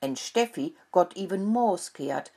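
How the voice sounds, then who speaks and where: A woman's voice: fairly low pitch, animated, unhurried, mellow, breathy edge, heavily acted. A woman voicing a timid, trembling and clumsy young rat in a storybook, talking in a nervous, flustered way.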